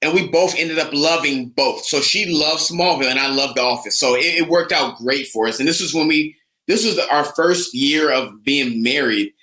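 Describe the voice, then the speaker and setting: Casual co-host, young guy, higher voice, excited fan energy. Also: normal speed, few pauses, reverberant, poor audio. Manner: enthusiastic, animated fan talk. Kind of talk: casual podcast chat.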